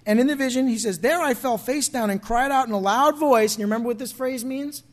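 A man's voice: very high-pitched, fast talker, few pauses. A man preaching a sermon as pastor, talking conversationally and asking the congregation questions.

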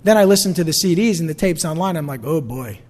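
A man's voice: high voice, fast, a little mellow, in a large hall. A man with a New York-New Jersey accent preaching a sermon in a conversational way, asking the congregation questions. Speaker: pastor.

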